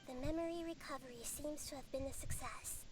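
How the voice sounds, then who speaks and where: An actress playing a small, wise girl goddess in a game, gentle and measured, a little set back from the mic. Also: high voice, distant mic, background noise, lightly acted. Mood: gentle, earnest. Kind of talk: game voice acting.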